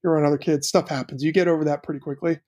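A middle-aged man co-hosting a casual chat, telling stories about his kids and quoting them with lively voices. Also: on the high side, racing. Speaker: podcast co-host.

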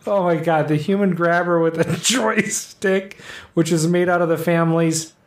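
A man's voice: fairly high pitch, steady tone, normal speed. A man co-hosting a casual show, reading out an odd news story with jokes and laughter. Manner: jokey, laughing, tries silly accents. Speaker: co-host reading a news segment. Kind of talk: casual chat. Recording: roomy echo.

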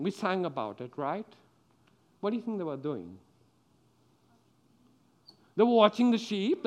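A man's voice: high voice, highs cut off. A middle-aged man giving a children's sermon, telling the story with animation and asking the children questions. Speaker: preacher.

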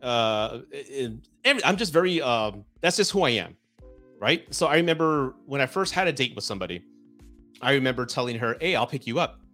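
A man's voice: mid-range voice, animated, a little fast, bright, forceful tone, faint music behind. A man with a Southern Texan accent hosting a live-streamed talk show, chatting loosely, swearing casually and reading viewer comments aloud. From South Texas, USA. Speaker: divorce podcast host.

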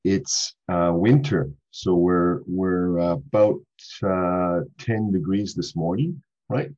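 A cheery Canadian man speaks in a low, husky voice as a podcast guest. His video-call audio sounds dull and lo-fi. He chats warmly and laughs often. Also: takes it slowly. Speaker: guest, clean tech executive. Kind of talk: podcast interview. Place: home in Brisbane.

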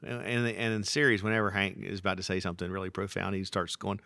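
A man who is a pastor, chatting on a podcast and telling stories in an animated, rambling way. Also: deep voice, fast, creaky, dry recording. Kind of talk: casual podcast conversation.

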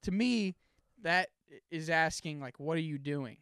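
A young man co-hosting a podcast in casual chat, playful and quick to laugh. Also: on the high side, fairly bright tone, smooth, no room sound, studio quality. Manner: playful, laughs often, acts out quoted greetings. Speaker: podcast co-host.

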